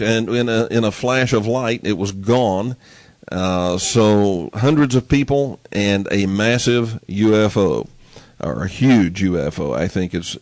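A man hosting a call-in radio show, talking in an unhurried way with many fillers and restarts. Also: lowish voice, no room sound.

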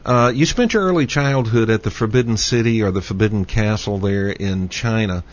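A man with a Texas accent hosting a talk show, speaking slowly with many pauses and fillers as he introduces and interviews a guest. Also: lowish voice. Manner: slow, halting, with many "uh" fillers. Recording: dull lo-fi audio.

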